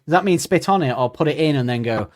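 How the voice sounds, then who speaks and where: A man's voice: on the high side, animated, fast, dry recording, clean studio sound. A man co-hosting a podcast, joking crudely and laughing often in casual chat. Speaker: podcast co-host.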